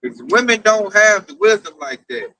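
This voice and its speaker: High, bright-voiced man preaching. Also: sing-song, normal speed, no echo, poor audio. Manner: preachy, reads scripture aloud. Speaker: camp teacher. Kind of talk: religious group discussion.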